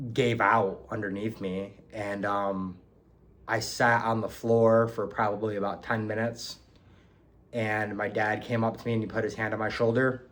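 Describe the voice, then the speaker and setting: A man's voice: lowish voice, fairly bright tone. A young man from New York telling a personal story in a casual, hesitant way, with many ums and restarts. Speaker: book reviewer.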